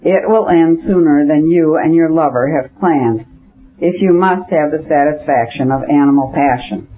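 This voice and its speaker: Guy reading cold aristocrat husband, kinda high husky voice, shrill edge, dull audio. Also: normal speed, close to an everyday voice. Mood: cold anger. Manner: cold, contemptuous, shrill when angry. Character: cold, stern aristocratic husband, middle-aged man.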